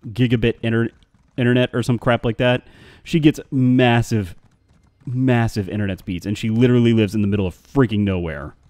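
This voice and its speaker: A man's voice: on the low side, steady tone, fast, hardly any pauses, darkish tone, no room sound. A man chatting casually on a live game stream, rambling and answering his chat.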